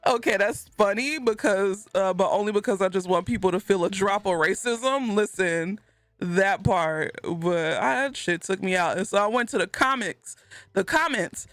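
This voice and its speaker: A woman streaming live, chatting casually with her chat, animated and laughing a lot as she banters. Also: mid-range voice, moderate pace, dry recording. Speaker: gaming streamer.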